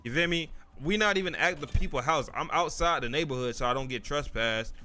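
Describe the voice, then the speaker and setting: A young man streaming a game, rambling through a personal story in a casual, profane way, often asking "you feel me" and getting louder when worked up. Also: a little high, fairly quick, a little hiss or hum. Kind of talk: casual storytelling while gaming.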